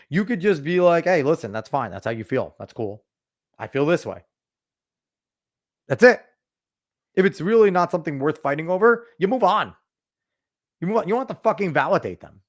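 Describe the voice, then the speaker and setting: A man in his thirties talks on a podcast in a blunt, profane way, ranting with lots of energy. His voice sits in an ordinary middle pitch. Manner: blunt, profane, animated rants. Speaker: podcast host. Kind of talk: casual opinionated commentary.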